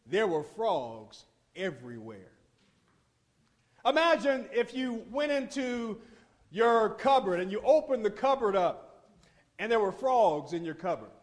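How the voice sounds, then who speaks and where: A man preaching a sermon, retelling scripture with vivid, animated storytelling and frequent repetition. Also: very high voice, a little slow.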